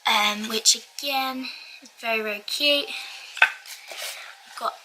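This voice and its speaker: A woman's voice: fairly high pitch, slow pace, background noise. A young woman chatting casually to camera in her bedroom, rambling with lots of ums and small laughs. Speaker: vlogger. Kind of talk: casual chat vlog.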